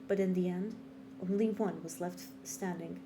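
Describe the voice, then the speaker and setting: A woman voicing a brooding young female demon hunter, telling an old legend in a hushed, solemn dramatic monologue. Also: lowish voice, steady tone, moderate pace, background noise, voice pushed down, natural voice. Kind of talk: voice acting a game monologue.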